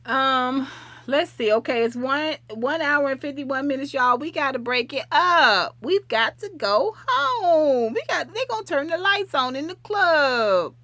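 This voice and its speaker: A woman's voice: high voice, lively intonation, a little slow, sharp tone, dry recording. Middle-aged woman host, easygoing live chat with viewers, homespun expressions. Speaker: livestream host.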